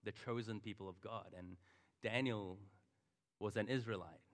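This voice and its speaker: A middle-aged man preaching as a pastor uses a fairly low voice at a moderate pace. He relates a personal story in a conversational way and turns to the congregation with asides, while the large church hall gives a long reverb.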